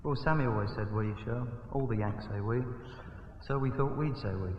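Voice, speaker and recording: A British man doing theatrical comic banter as a guest entertainer, bursting into loud rhetorical outcries. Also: medium pitch, normal speed, a little hiss or hum. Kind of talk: comic stage banter on a TV variety show. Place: TV studio stage. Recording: echoey, distant, dull lo-fi 1960 TV broadcast.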